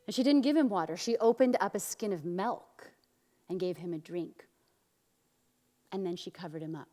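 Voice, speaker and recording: Woman pastor telling a story in a reverberant hall. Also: moderate pace. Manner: animated storytelling, acting out quotes with big swings of pitch and loudness. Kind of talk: sermon storytelling. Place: church.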